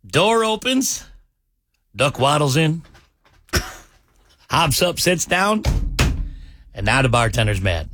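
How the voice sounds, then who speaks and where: A male morning radio host in a dry, close-miked studio, chatting casually and then telling a joke. He acts out a gruff bartender and brings the characters to life. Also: mid-range voice, very animated, slow, long pauses, bright, forceful tone, dry recording. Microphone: studio mic.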